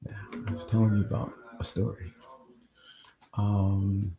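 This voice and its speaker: A man's voice: fairly low pitch, flat delivery, unhurried, creaky, long pauses, warm tone, echoey room. A man hosting a live online show from his home on a new microphone, talking casually and rambling straight to his viewers. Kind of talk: casual live-stream chat.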